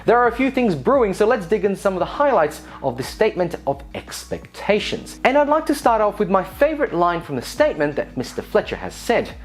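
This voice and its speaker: A woman's voice: mid-range voice, very animated, fairly quick, few pauses. A woman hosting a scripted tech and telecom news show, with sarcastic, playful asides.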